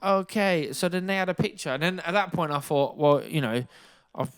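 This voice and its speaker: Animated man telling stories. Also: fairly high pitch, a little fast. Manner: animated anecdote-telling, swears freely, acts out quotes. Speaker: podcast co-host, former boxer. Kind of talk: casual storytelling chat.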